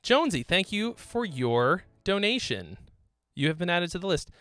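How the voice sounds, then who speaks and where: Man, stream host, song critique, teasing, profane jokes, bright voice, dry close mic. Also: high voice, very animated, normal speed, smooth, no echo.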